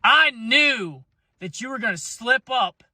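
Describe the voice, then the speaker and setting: A man's voice: very high voice, lively intonation, slow pace, sharp tone, no echo. A man delivering an aggressive, profane callout rant that taunts his rival. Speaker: video ranter.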